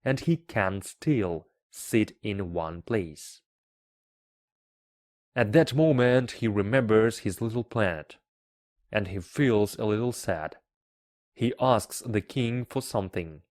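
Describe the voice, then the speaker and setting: Slow, careful male reader. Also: fairly low pitch, animated, a little mellow, no room sound, clean studio sound. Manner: careful, deliberate reading. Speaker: English teacher reading a book. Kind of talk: slow read-aloud for learners.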